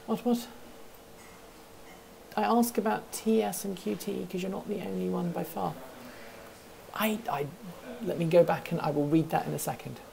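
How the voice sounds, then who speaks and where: A woman's voice: on the low side, fairly even intonation, normal speed, gravelly, darkish tone, a little hiss or hum. A woman hosting a casual livestream from an office, rambling, thinking aloud and answering chat questions as she goes. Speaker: host of a livestream hangout. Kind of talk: casual live-stream chat.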